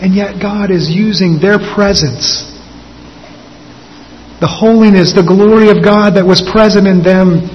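A man pastor delivering an earnest sermon, slowing and lifting his voice for emphasis. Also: sits high, slight background noise. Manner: earnest preaching, slows and lifts for emphasis. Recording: dull sound with long hall reverb.

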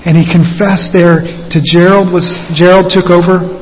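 A man with a somewhat high voice preaches an earnest sermon, stretching key words for emphasis. The sound is dull and lo-fi, with a long hall reverb. Faint room noise sits behind him. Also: flat delivery, normal speed. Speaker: pastor.

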